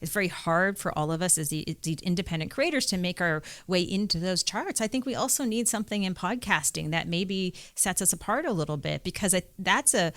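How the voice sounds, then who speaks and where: Woman, podcast guest, low voice, vocal fry, chatty casual talk. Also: brisk, few pauses, fairly bright tone, dry recording. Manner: chatty, lots of fillers like "like".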